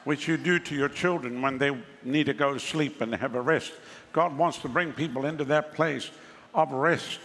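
Gravelly preacher man in a big hall. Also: on the high side, fairly bright tone, a little hiss or hum. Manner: conversational preaching, mocking asides. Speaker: pastor. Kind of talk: sermon.

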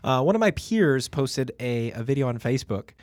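A man's voice: mid-range voice, very animated, moderate pace, no echo. Chatty young man co-hosting a podcast. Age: young adult. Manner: agreeable, chatty, many fillers. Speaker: podcast co-host. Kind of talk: casual discussion.

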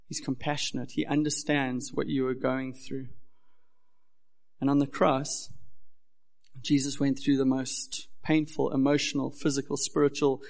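A man's voice: mid-range voice, creaky, a little mellow. A young man preaching a sermon as pastor, earnest and building in intensity.

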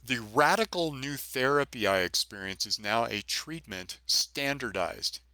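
A man's voice: medium pitch, animated, unhurried, pushed and bright, no room sound. A middle-aged man, a retired police officer, recounting his own experience as a podcast guest in earnest, vivid storytelling with emphatic repetition. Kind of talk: personal story in a podcast interview.

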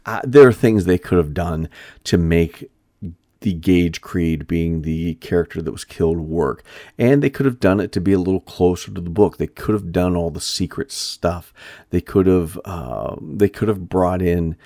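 A man hosting a podcast, talking casually in a rambling monologue with frequent pauses and restarts. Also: deep voice, warm tone, no room sound, studio quality. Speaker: shop owner and podcast host.

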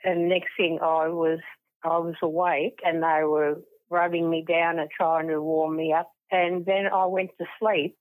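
An older woman, an interview guest, telling a personal story in a halting way with many restarts. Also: fairly low pitch, flat delivery, no room sound. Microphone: phone. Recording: tinny phone line.

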